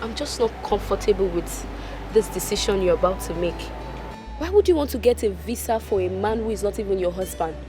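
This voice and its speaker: An actress playing a caring, outspoken friend, pleading and insisting in a slow, emphatic way. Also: female voice, mid-range voice, expressive, lightly acted. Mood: concerned. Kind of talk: film acting. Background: film music.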